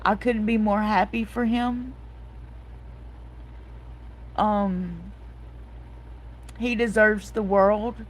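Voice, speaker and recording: A woman's voice: mid-range voice, steady tone, extremely slow, pauses often, rough recording. A woman, hosting a casual livestream chat, telling a story and reading out viewer comments. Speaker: host.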